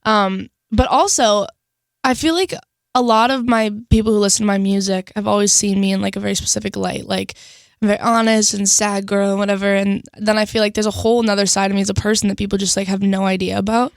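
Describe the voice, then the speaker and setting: A woman's voice: mid-range voice, fairly even intonation, fast talker, no echo, clean studio sound. A young woman, a singer guest, chatting casually in a radio interview, bubbly and full of "like". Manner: bubbly, lots of "like" and laughter.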